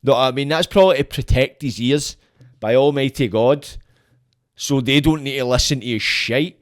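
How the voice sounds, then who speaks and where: A young man from Scotland, appearing as a podcast guest, rants bluntly in casual conversation at a moderate pace. He swears a lot, and his pitch shoots up whenever he gets worked up.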